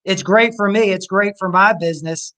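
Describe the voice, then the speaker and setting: A man's voice: high-pitched, moderate pace, sharp tone, poor audio. A man, a personal trainer, answering interview questions in a rambling, coach-like way. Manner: rambling, full of fillers and restarts, coach-like encouragement.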